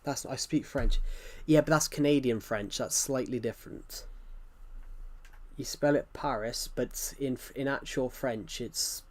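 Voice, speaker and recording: A man's voice: mid-range voice, unhurried, darkish tone. A young British man casually chatting with viewers while he plays, answering their questions as they come. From United Kingdom. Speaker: gaming streamer. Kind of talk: casual livestream chat while playing.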